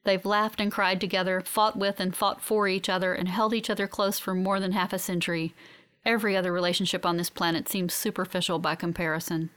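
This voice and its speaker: A woman giving steady, reflective first-person audiobook narration. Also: medium pitch, fairly quick, smooth.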